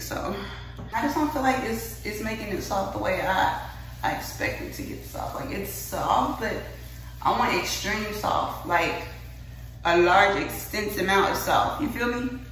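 A woman's voice: medium pitch, a bit bright. A young woman, talking casually to viewers about her hair and a little out of breath. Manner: chatty, rushed, addresses viewers as y'all. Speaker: beauty vlogger. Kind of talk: casual hair-care vlog. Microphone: phone camera at a distance. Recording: echoey room, phone mic at a distance.

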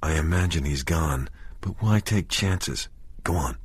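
A man voicing a grim, controlled husband in shock, speaking quietly and in clipped phrases, in an audiobook reading. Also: rumbling low, a little slow, breathy edge, no room sound, heavily acted. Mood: tense.

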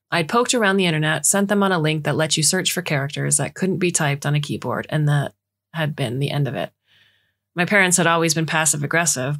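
A woman reading a short story aloud in a measured storytelling manner as scripted narration. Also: deep voice. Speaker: audiobook reader.

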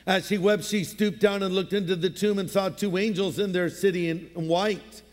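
Male pastor, high-pitched voice, casual storytelling sermon with a lot of hall echo. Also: fairly even intonation, moderate pace. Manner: conversational storytelling with playful voices.

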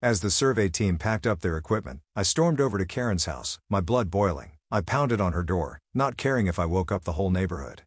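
Husky low-voiced male storyteller. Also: lively intonation, a little fast, few pauses, no echo, clean studio sound. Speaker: story narrator. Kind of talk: first-person story narration.

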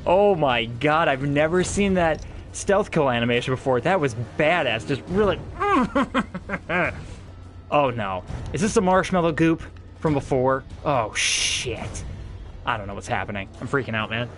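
A young man commentating his gameplay, reacting with excited, profane yelps and jokes. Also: on the high side, unhurried, faint music behind. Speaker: gameplay streamer.

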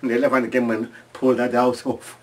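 A man telling stories from home in a halting, restarting way, acting out screams and sounds. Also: medium pitch, level tone, recorded from a distance, slight background noise. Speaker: storyteller. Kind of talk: casual oral storytelling.

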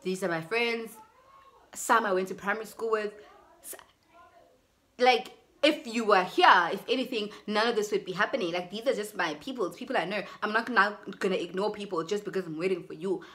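A woman's voice: mid-range voice, fairly quick. A young South African woman telling a personal story in a casual vlog, acting out both sides of the conversations. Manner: animated, switches into Zulu phrases, acts out both sides of conversations. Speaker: YouTuber.

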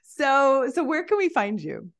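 A woman's voice: high voice, big pitch swings, measured pace. A woman hosting an interview show, talking in a chatty, playful way and laughing often. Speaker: podcast host. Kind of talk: casual interview chat.

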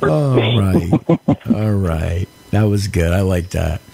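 A man's voice: low voice, lively intonation, vocal fry, mellow. A male radio host, bantering casually, laughing often and drawing out his exclamations. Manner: laughs a lot, repeats himself, slow drawn-out exclamations. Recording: music playing underneath.

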